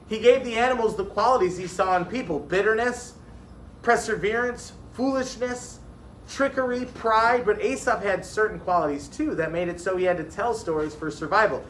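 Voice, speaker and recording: A man reads a children's story aloud, lively and animated. His voice sits high, and the room around him echoes with a faint hum of ambience. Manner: animated, voicing classroom characters. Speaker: reader of a children's book.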